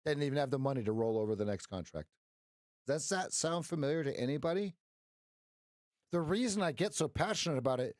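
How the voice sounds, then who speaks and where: A man's voice: fairly high pitch, expressive, fairly quick, dry recording, clean studio sound. A man coaching traders on a live stream, blunt, passionate and profane. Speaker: trading coach.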